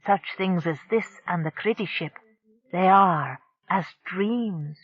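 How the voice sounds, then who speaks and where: The narrator voicing a timid, gentle alien mother in an audiobook. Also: mid-range voice, takes it slowly, dry recording, highs cut off. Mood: awed. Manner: timid, wondering. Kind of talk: audiobook character voice.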